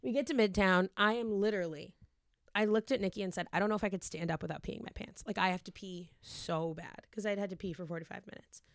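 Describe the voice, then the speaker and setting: A woman's voice: mid-range voice, fast talker, dry recording, clean studio sound. A young woman in her twenties telling a long, rambling story in casual chat, swearing freely and acting out quotes.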